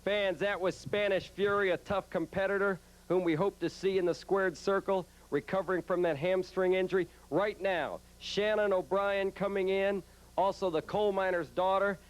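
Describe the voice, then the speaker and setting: A man's voice: sits high, fairly even intonation, normal speed, rough recording. A man hosting a televised wrestling interview segment, polite and formal, a little flustered by interruptions. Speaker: wrestling show host and interviewer.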